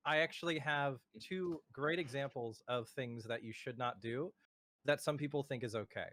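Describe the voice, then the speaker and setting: A man's voice: medium pitch, moderate pace, fairly bright tone. A man streamer telling anecdotes on a casual podcast, with firm warnings and hesitant fillers, over a remote voice call.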